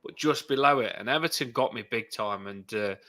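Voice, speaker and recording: A man's voice: medium pitch, brisk, bright, forceful tone. A man, a guest talking earnestly and enthusiastically about football. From England. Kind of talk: casual conversation.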